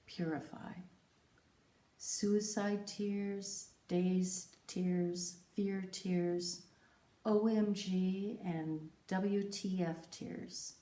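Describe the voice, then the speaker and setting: A woman telling her own story in scripted, reflective narration, with a measured, poetic and emphatic delivery. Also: medium pitch, warm tone. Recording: roomy echo.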